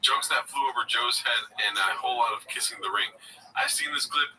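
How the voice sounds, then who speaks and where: A man in casual chat, joking and lively. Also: medium pitch, brisk, recorded from a distance, low-quality recording.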